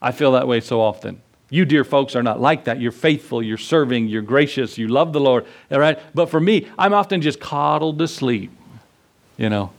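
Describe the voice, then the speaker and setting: A man's voice: medium pitch, normal speed. A man pastor preaching a sermon in a conversational way, telling stories and acting out the dialogue.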